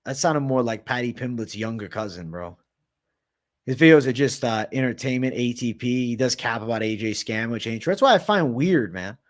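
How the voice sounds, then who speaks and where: A man's voice: medium pitch, lively intonation, normal speed. A man hosting a livestream, casually answering chat with slang and frequent swearing. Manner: profane, slangy, reads and answers chat comments.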